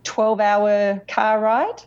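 A woman's voice: mid-range voice, steady tone, takes it slowly, a little mellow, clear, resonant tone. A woman with an Australian accent chats as a podcast guest, friendly and easygoing. Her voice comes through muffled and lo-fi, like a remote call. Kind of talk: casual conversation.

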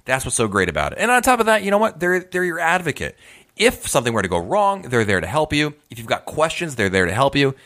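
A man's voice: on the high side, sing-song, fast talker, bright, forceful tone. A man hosting a podcast, giving tips in a casual, conversational way with emphatic asides. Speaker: podcast host.

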